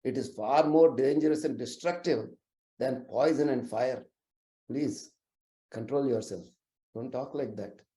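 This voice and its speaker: A man voicing a calm dignified elder king. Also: medium pitch, moderate pace, close to an everyday voice. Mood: admonishing. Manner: calm, admonishing. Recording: roomy echoey recording.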